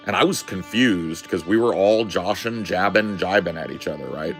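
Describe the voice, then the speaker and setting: A man hosting a podcast, telling a rambling story in a casual, profane, animated way. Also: low-pitched, moderate pace, soft background music. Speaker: podcast host.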